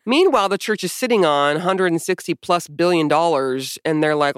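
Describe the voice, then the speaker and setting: A woman's voice: fairly low pitch, moderate pace, clean tone, no echo, clean studio sound. A woman co-hosting a podcast in casual chat, profane, sarcastic and mocking as she reads things aloud. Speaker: podcast co-host.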